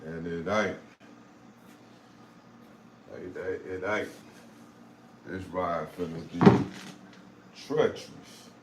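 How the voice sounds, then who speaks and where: A man from St. Louis hosts a laid-back live chat, using streetwise talk and repeated phrases. He speaks low and steady at a slow pace with long pauses, in a roomy space with faint background noise.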